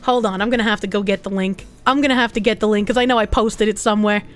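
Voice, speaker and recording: A woman's voice: mid-range voice, fairly even intonation, fast. A woman streamer chatting casually and bluntly as she reacts to posts, swearing freely and laughing often.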